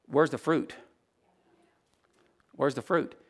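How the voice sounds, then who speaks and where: A male preacher, giving a folksy sermon that swings from loud to hushed. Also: medium pitch, slow pace.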